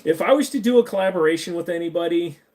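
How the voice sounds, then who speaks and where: A man's voice: sits high, quick pace, darkish tone. Chatty man hosting a livestream Q&A. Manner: rambling, jokey, reads and answers chat questions. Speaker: livestream host answering chat. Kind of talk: casual livestream Q&A. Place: home computer room.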